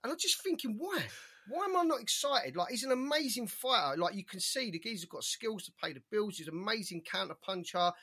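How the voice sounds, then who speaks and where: Guy on a boxing podcast, high bright voice, a bit husky, fires off opinions fast. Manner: animated, opinionated, rattles off names. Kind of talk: casual chat.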